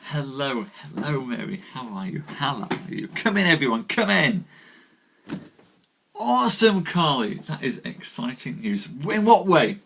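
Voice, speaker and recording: A husky, creaky, mid-range male voice with a bit of brightness comes through a webcam or desk mic. He hosts a live storytelling stream, sounding a little tired as he chats casually, greets viewers by name and pokes fun at himself.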